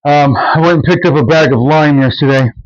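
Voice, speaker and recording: A man's voice: fairly high pitch, fairly quick, dry recording, lo-fi sound. A man filming a casual vlog outdoors on his homestead, talking in a loose, rambling way with plenty of fillers and restarts. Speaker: homesteading vlogger. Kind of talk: casual walk-and-talk vlog. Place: outdoors on a farm yard with animals.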